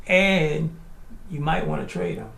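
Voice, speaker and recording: High, gravelly male radio co-host, bright tone, playful and teasing. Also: lively intonation, unhurried, roomy sound. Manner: laughing, teasing, talks over others. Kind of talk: casual radio banter.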